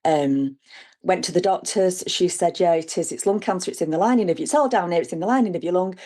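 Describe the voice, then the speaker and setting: A woman's voice: fairly low pitch, quick pace. A middle-aged woman, telling her own story in a chat and acting out what people said. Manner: lively, animated retelling with acted quotes. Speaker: guest sharing her story. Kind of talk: conversational storytelling.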